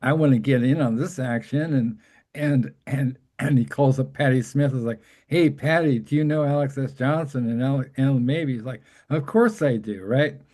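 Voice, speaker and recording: A man hosts a loose, casual chat, talking with a mellow, warm tone at a middling pitch. He rambles excitedly from thought to thought, often breaking into laughter. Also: normal speed. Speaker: host.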